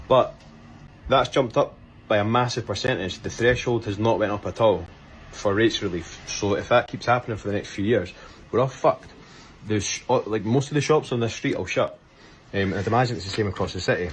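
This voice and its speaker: Low-voiced shopkeeper, swearing. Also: male voice. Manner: plain-spoken, swears, urges action. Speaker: shop owner. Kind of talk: social media appeal.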